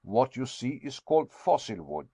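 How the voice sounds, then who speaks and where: A man doing a booming, lecturing old professor. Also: very animated, normal speed, dark tone, breathy edge, no echo. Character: confident learned older male professor.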